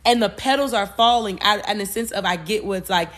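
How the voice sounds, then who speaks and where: A woman hosting a podcast, retelling a movie plot in a loose, animated way, with cursing and frequent self-corrections. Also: medium pitch, brisk. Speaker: podcast host.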